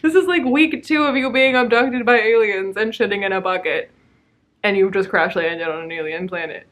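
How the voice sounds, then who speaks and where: Brisk and a bit bright, with a voice slightly on the high side, a book vlogger rambles casually at home to her camera about what she's reading. The camera mic catches her sarcasm, her frequent laughs and her free swearing.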